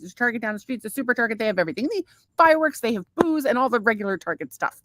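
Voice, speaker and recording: A woman's voice: a little high, big pitch swings, racing, sharp tone, no room sound. Profane, rambling woman podcast host. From United States. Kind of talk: casual married-couple chat. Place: home in Florida.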